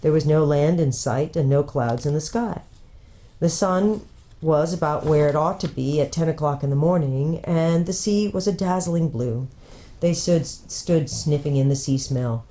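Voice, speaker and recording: A woman pastor with a low, mellow voice reads a children's book aloud. Her storytelling is gentle and unhurried.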